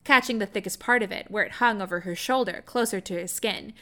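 Bright-voiced woman reading romance aloud. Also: medium pitch, brisk. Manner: soft, expressive storytelling with frequent laughs and excited asides. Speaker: reader.

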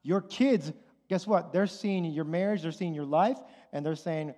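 High-voiced man preaching in an echoing hall. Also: measured pace. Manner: conversational preaching, addresses parents directly, repeats phrases. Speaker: pastor. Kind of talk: sermon. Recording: long hall reverb with loud music underneath.

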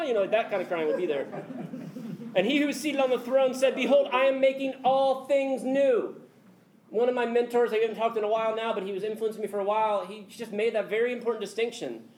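A man preaching a sermon as pastor, animated and conversational, slipping in quick jokes. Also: high voice, a little hiss or hum. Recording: echoey hall with faint ambience.

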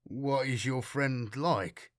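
A man's voice: medium pitch, takes it slowly, no echo, natural voice. Rich: A shaken male crew leader in an audiobook, voiced by the male narrator, urgent and commanding. His voice stays close to the narrator's own and sounds dry and close. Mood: wary. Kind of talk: audiobook character voice.

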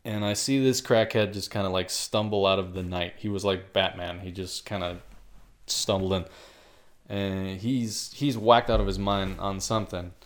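A man's voice: sits low, fairly even intonation, moderate pace. Man telling crude stories, swearing freely. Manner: crude, profane storytelling with frequent laughs. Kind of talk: casual podcast chat.

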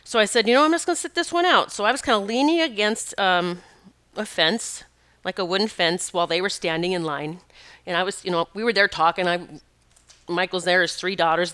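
A woman podcast host tells a personal story, drifting off track and correcting herself as she goes. Her voice is bright and crisp, with a clean, resonant tone. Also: fairly low pitch. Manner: rambling, self-correcting, lively retelling.

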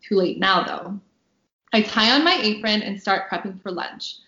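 A woman author reading a passage from her own novel aloud on a podcast, bubbly and quick to laugh between lines. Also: medium pitch, expressive, sharp tone, roomy sound, highs cut off. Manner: bubbly, laughs often, reads with dry punchy delivery.

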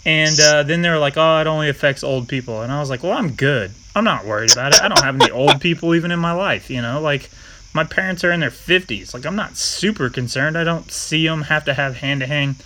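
A young man chatting casually, an animated storyteller who swears freely, with background hiss on the recording. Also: a little high, brisk, poor audio. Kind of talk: casual chat.

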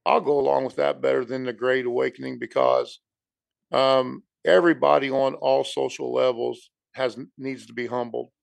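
A man with a heavily gravelly, creaky voice chats casually on a podcast. He rambles and keeps saying "dude," and the sound is dry and close. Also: medium pitch, level tone, moderate pace, dry recording. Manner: rambling, conversational, says "dude". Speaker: podcast co-host. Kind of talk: casual chat.

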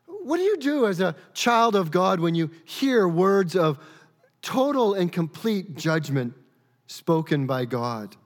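A man's voice: high voice, big pitch swings, slow pace. A man preaching a sermon in an earnest, questioning way, often stumbling and repeating words as he thinks aloud. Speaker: pastor. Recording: long reverb of a large hall.

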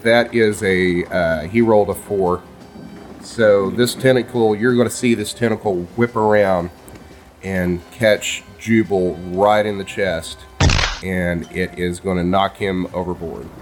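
A man narrating a tabletop game as game master, halting, with many ums and uhs. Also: sits low, steady tone, soft background music.

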